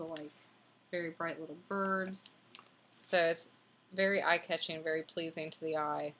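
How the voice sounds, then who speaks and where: Young woman, book review, enthusiastic, filler-heavy, lowish voice. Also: fairly bright tone. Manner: enthusiastic, chatty, many fillers. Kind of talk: casual book review and read-aloud.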